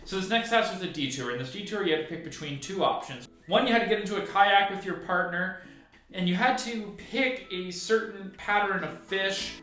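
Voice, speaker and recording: A man's voice: high voice, moderate pace, sharp tone, soft background music. Chatty young man in an echoey room. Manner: chatty, laughs often. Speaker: recap video host. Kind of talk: casual recap commentary.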